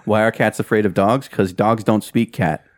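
A man's voice: lowish voice, steady tone, moderate pace, dry recording. A man answering listener questions in an offhand, dry way during casual podcast chat.

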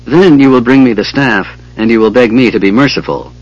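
A man's voice: mid-range voice, fairly quick, dry recording, highs cut off, natural voice. A man doing a sneering, menacing dragon. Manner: sneering, smooth and threatening. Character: menacing female dragon, cold and mocking.

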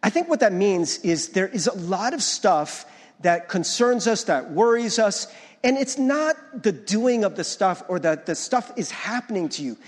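A man's voice: high-pitched, animated, moderate pace, in a large hall. A male pastor preaching a conversational sermon, often checking in with the congregation and restarting his words. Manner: restarts and stumbles over words.

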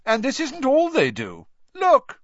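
A man voicing a spiteful teenage schoolboy bully who taunts in a high, shrill voice. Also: wildly swooping pitch, a little slow, fairly bright tone, dry recording, full character voice. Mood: taunting. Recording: dull dry lo-fi audio.

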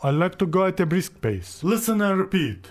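A man's voice: high-pitched, very animated, moderate pace. A man whose first language is Turkish teaches English, repeating example sentences several times and then translating and explaining them.

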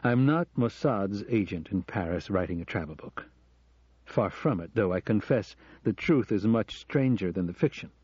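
Earnest American professor confessing, self-deprecating, as a male reader plays him, mellow, dry, audiobook. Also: fairly low pitch, expressive, normal speed, breathy edge, no room sound, highs cut off. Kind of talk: audiobook reading.

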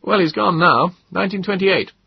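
Husky high-pitched young guy quoting books, as a man puts him on, dull dry audiobook sound. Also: moderate pace, no echo, exaggerated voice. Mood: lively.

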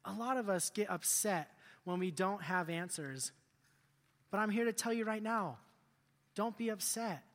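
Guy youth pastor preaching, bright voice, jokey and animated, big echoey hall. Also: sits high, measured pace, long pauses. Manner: animated, jokey, asks the crowd questions. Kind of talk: youth sermon.

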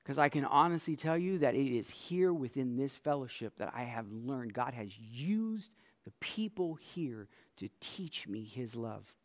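A man preaching a sermon as pastor. His voice drops to a hush and then swells into loud, emphatic lines. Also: mid-range voice, expressive. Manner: swings from soft, hushed lines to loud emphatic declarations; slow and deliberate, stretching out scripture lines.

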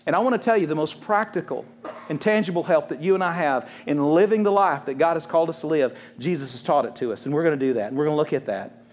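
Male pastor, quick-fire conversational sermon, high, bright voice, jokey asides. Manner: fast, conversational preaching with quick jokes and acted-out quotes.

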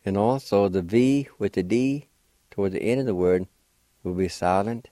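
A man hosting a radio language lesson, slowly spelling out words letter by letter and repeating them patiently. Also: lowish voice, warm tone, no room sound. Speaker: language teacher and radio host. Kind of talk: slow word-by-word language lesson. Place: radio studio.

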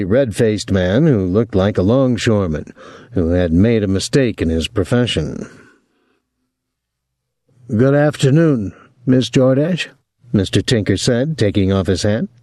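A man reading an audiobook as the narrator in a measured, even way. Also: fairly low pitch, no echo, studio quality. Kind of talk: scripted narration.

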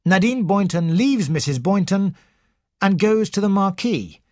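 A narrator reading a story aloud in a clear, scripted way. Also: medium pitch, lively intonation, measured pace, no room sound, clean studio sound. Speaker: audiobook narrator.

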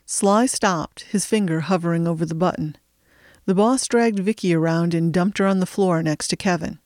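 A woman narrates an audiobook in a steady, measured way. Her voice sits fairly low, recorded close and dry with no room sound. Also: no room sound.

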